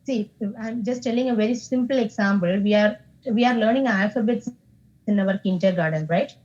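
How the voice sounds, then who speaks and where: A woman's voice: medium pitch, a little fast, darkish tone, highs cut off. A woman with an Indian English accent, teaching an online English class and explaining patiently with many fillers.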